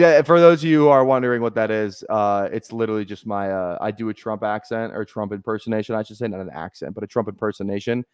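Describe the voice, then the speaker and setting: A man's voice: fairly low pitch, smooth, no room sound, clean studio sound. A man streaming casually, thinking aloud in a rambling way with lots of fillers. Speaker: fantasy football streamer. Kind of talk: casual live-stream commentary.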